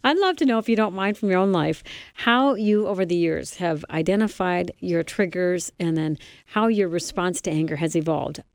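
A woman hosting a faith radio talk show, introducing the highlight and asking a guest a gentle, measured question. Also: dry recording.

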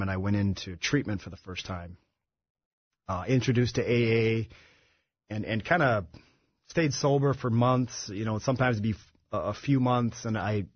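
A man with a lowish, slightly breathy voice tells his recovery story as a radio guest. He speaks haltingly and often restarts his sentences. The sound is dry and a little dull. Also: no echo. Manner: halting, with many restarts and fillers. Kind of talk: personal recovery testimony. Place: radio studio.

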